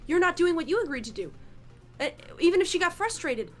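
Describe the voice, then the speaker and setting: A woman's voice: very high-pitched, very animated, brisk. A woman guest in a livestream debate who pushes back with repeated questions and sometimes trips over her words.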